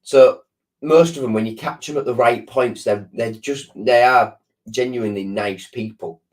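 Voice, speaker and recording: A man's voice: medium pitch, normal speed, darkish tone. A man with a sore throat, chatting casually on a live stream and answering viewers, rambling with lots of restarts and ums. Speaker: football fan channel host.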